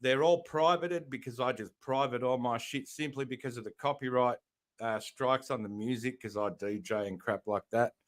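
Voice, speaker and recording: A man's voice: mid-range voice, moderate pace. A man from Australia, a guest on a live-stream panel, explaining at length in a rambling, casual way.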